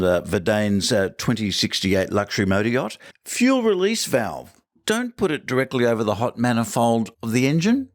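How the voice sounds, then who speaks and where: Aussie bloke doing a funny show review, wry little asides, voice bounces all over. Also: male voice, medium pitch. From Australia. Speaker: listener contributor. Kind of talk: comedic episode review.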